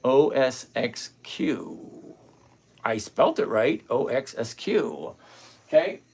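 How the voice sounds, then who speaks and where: A man's voice: mid-range voice, expressive, takes it slowly, gravelly, darkish tone, husky. A middle-aged man hosting a live trading stream, bluntly thinking aloud and greeting viewers by name. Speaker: livestream host.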